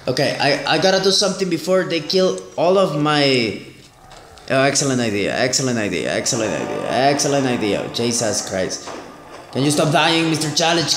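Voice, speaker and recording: Lively, excitable man in an echoey room. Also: on the high side. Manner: exclamatory, repeats phrases, frequent "oh my gosh". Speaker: gaming channel host. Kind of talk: excitable mobile game commentary.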